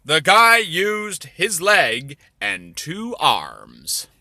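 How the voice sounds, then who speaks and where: A man telling crude comedy stories in a rambling way, with deadpan asides. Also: fairly high pitch, extremely slow, dry recording. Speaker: storyteller. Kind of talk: crude comedic storytelling over drawings.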